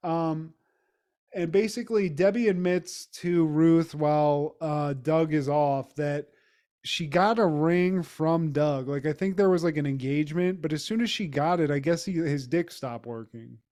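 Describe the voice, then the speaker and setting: A man's voice: fairly high pitch, unhurried, darkish tone. A man co-hosting a podcast, recapping an episode in a loose, profane, rambling way with lots of fillers. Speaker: podcast co-host. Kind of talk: casual recap chat.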